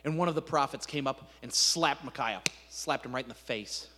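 A man preaching a sermon, retelling a scripture story in an animated, casual way with asides. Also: mid-range voice, normal speed. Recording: echoey hall reverb.

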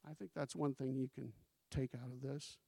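A man's voice: mid-range voice, level tone, moderate pace, gravelly, warm tone, breathy edge, no room sound, studio quality. A male pastor preaching a sermon in a conversational way, asking the congregation questions and giving scripture quotes with emphasis.

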